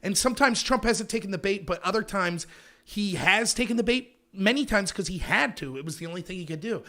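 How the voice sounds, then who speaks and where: Bright, forceful, and expressive, the voice of this American call-in host moves fairly quickly. On his political show he argues hard and ridicules opponents by imitating them in high voices.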